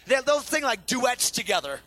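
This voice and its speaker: A man preaching a sermon to a congregation as pastor, animated and swinging between loud outbursts and quiet intensity. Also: very high-pitched, normal speed, faint music behind. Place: church sanctuary before a congregation.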